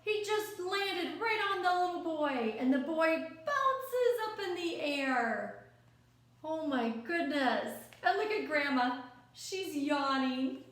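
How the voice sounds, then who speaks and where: A woman reading a picture book aloud to children, gently coaxing and asking the listener questions as she goes. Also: sits high, animated, slow. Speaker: storyteller. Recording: very echoey room.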